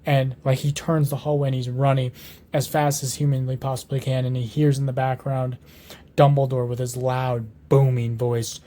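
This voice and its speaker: A man's voice: medium pitch, flat delivery, normal speed, warm tone. A man improvising a fan story, rambling on with lots of fillers, restarts and swearing.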